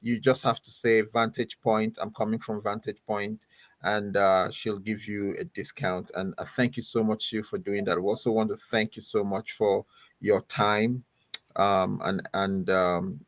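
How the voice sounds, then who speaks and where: A man's voice: lowish voice, little pitch movement, measured pace, no room sound. A man hosting a podcast as pastor, rambling and chatty in a casual sign-off. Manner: rambling, chatty, often laughing. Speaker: host.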